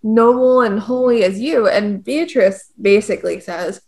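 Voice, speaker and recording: A woman's voice: medium pitch, a little slow, darkish tone. A young woman co-hosting, casually explaining a classic poem in a slangy, joking way. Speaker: co-host.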